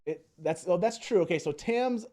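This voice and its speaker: A man's voice: medium pitch, animated, darkish tone. A man hosting a live call-in fan show, chatting casually and laughing often. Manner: laughs often, quick asides. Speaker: host.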